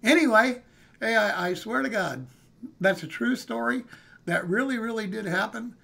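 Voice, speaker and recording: An older man tells a story in a rambling, folksy way, his voice pitched high and bright with a gravelly rasp. He is in his sixties, and he chats straight to his live-stream viewers. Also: animated, normal speed. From California, USA. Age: 60s. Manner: folksy, rambling, calls listeners "man" and "hey". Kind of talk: casual storytelling.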